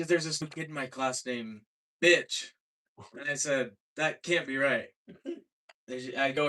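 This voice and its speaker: A young man from Seattle doing a deadpan stand-up set with many halting fillers, in a small comedy club. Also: a little high. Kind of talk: stand-up set at an open mic.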